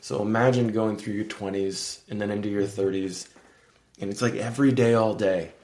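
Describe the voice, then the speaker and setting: A man's voice: lowish voice, steady tone, moderate pace, a little mellow, roomy sound. A man in his thirties, a podcast guest talking candidly and earnestly, acting out his inner voice with sudden raised tones. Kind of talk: candid conversational interview.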